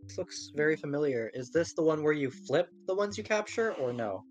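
A woman's voice: low voice, expressive, brisk. A young woman co-hosting a casual gaming podcast chat, explaining her views earnestly and analytically, with casual swearing. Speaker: podcast co-host.

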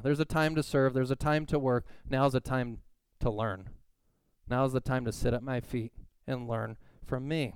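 Male pastor, mid pitch, smooth and resonant, close dry mic, lively storyteller. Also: normal speed, no room sound. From California. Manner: animated storytelling, acts out quoted voices. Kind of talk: sermon with personal story.

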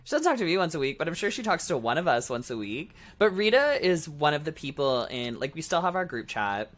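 A man's voice: on the high side, very animated, a little fast, fairly bright tone. Male co-host, drag performer, casual rambling delivery, filler-heavy. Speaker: podcast co-host. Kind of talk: casual chat.

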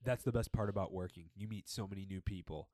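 A young man co-hosting a podcast, chatting casually and telling animated, swear-filled stories about old jobs. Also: low voice, quick pace, no echo. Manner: animated storytelling, swears freely. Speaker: podcast co-host. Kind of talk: casual chat.

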